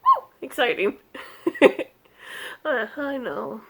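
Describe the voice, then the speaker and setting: A woman's voice: wildly swooping pitch, slow, breathy edge. Chatty, easily distracted woman vlogger. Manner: scolds her cat in a high voice. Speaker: cross-stitch vlogger. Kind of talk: casual crafting vlog chat.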